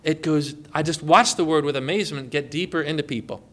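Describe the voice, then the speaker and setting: High-voiced man teaching with questions. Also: a little fast, a bit bright. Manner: conversational, full of rhetorical questions and anecdotes. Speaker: Christian evangelism teacher. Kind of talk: informal teaching talk. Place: outdoors on a boat.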